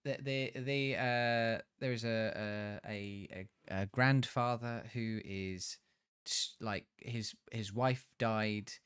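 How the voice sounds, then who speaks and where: A man's voice: on the low side, fairly even intonation, slow, fairly bright tone, smooth, dry recording, studio quality. A man co-hosting a podcast, recapping a film plot in a rambling, restarting way and swearing freely. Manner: rambling, swearing storyteller who restarts often. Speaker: podcast co-host reviewing films.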